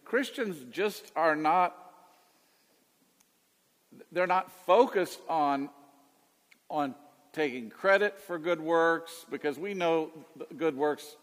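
A fairly high-pitched man, recorded in a large hall, takes calls as a radio Bible teacher. He's in his late fifties, and his call-in chat is folksy and rambling, full of restarts.

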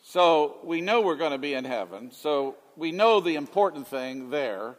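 A man's voice: fairly high pitch, lively intonation, normal speed, big-room sound. A man in his late fifties, a radio Bible teacher answering callers in a folksy, rambling way with restarts. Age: 50s. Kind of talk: call-in radio chat.

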